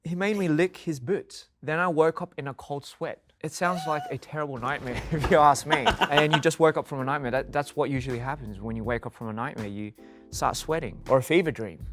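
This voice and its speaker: A man's voice: on the high side, fairly quick, faint music behind. A man reading fan tweets aloud and reacting to them, amused and playful and laughing often.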